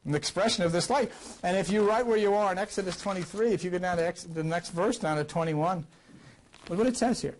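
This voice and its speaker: Older man lecturing in a high, rambling voice. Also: brisk. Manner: rambling, conversational, with wide swings in pitch and loudness. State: recovering from a cough. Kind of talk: teaching a class on scripture.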